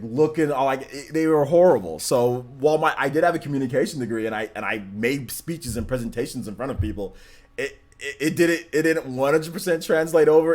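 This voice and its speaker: A young man hosting a casual livestream, reading chat questions and answering in a relaxed, rambling way with many ums and likes. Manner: lifts voice when animated, drops to flat low tone otherwise. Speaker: livestream host.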